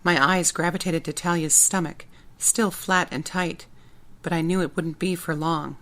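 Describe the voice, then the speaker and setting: Woman narrating an audiobook, low voice. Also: moderate pace. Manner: plain, steady storytelling. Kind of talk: first-person audiobook narration.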